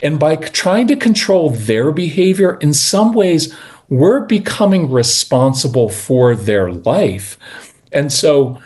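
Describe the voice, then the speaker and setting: A middle-aged man in a conversational interview as a parenting guest, telling earnest stories and slowing down to stress key points. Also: a little high, big pitch swings, darkish tone. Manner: earnest, storytelling, slows down for emphasis.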